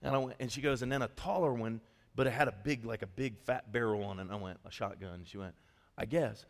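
A man preaching a sermon as pastor, telling a story in a lively, conversational way with quick asides. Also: mid-range voice, in a large hall. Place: church hall.

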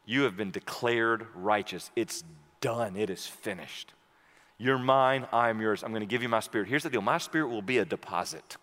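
A man preaching a sermon, moving between hushed, slow stretches and loud, high, fervent passages. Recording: long hall reverb.

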